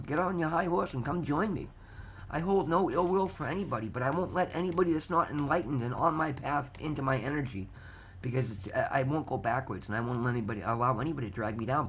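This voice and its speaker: A man's voice: on the high side, fairly bright tone, a little hiss or hum. A man talking to his viewers in an earnest, heartfelt self-help monologue, repeating himself, swearing freely and calling them "guys". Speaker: motivational vlogger. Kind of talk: casual heartfelt monologue to camera.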